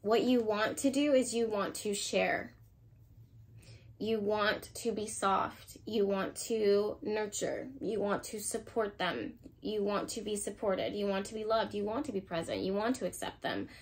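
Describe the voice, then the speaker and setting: A woman's voice: mid-range voice, measured pace. Emotional woman giving a tarot reading. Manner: emotional, intuitive, thinks aloud, bursts of excitement. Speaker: tarot card reader. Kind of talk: intuitive pick-a-card reading.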